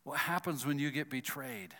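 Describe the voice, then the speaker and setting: A man's voice: medium pitch, moderate pace. A man telling a personal story with a moral, acting out his own thoughts as he goes. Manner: animated, acts out his own inner thoughts. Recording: long hall reverb.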